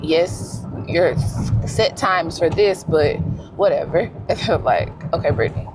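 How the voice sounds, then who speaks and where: A young woman vlogging while driving, telling stories in a relaxed, slangy way. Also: lowish voice, slow pace, noisy background. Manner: animated storytelling with slang and laughs. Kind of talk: casual vlog chat. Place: in a car.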